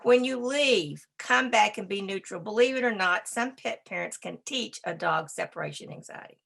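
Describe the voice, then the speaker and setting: Woman lecturer, brisk and emphatic, gravelly voice, bright forceful tone, conversational. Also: mid-range voice, animated. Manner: talks to a slide assistant. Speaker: dog behavior speaker. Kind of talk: presentation lecture.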